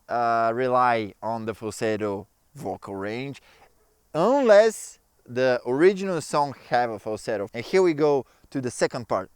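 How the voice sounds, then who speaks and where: Chatty man with a smooth voice. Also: medium pitch, dry recording. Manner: relaxed, chatty, non-native phrasing. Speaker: ukulele teacher. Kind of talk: casual tutorial explaining.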